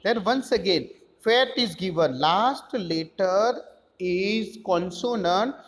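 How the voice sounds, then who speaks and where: A man's voice: high voice, expressive, slow, a bit bright, long reverb tail. A man teaching a grammar lesson, explaining step by step and spelling out letters.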